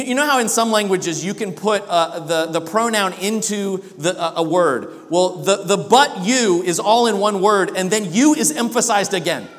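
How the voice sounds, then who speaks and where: A man's voice: high-pitched, a bit bright, big-room sound. A man preaching a sermon as pastor, emphatic, often restarting his sentences.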